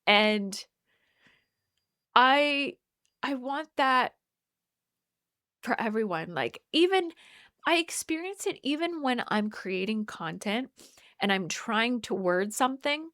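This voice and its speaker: Woman, podcast host, solo reflection, unhurried, halting and earnest, dry close sound. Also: a little high, expressive, a bit bright, dry recording. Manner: earnest, halting, many restarts and "like".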